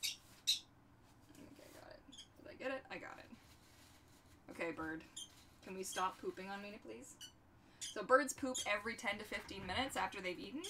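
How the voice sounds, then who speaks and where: A young woman hosting a casual livestream from her home workshop, chatting in an animated way and talking to her pets. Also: medium pitch, normal speed, pauses often. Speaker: livestream host. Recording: distant mic with background noise.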